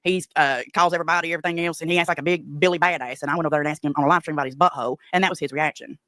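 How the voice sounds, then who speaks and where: A woman's voice: sits low, fairly even intonation, racing, fairly bright tone, no echo, studio quality. A woman with an East Tennessee accent ranting on a livestream in a brash, profane Southern drawl. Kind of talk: profane confrontational livestream rant.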